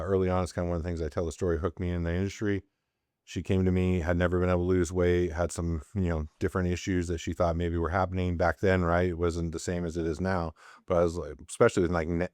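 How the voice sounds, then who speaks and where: A middle-aged man hosting a podcast, telling rambling stories and often tacking on quick tag questions. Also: deep voice, a little mellow, no echo, studio quality. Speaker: podcast host. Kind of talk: casual storytelling talk.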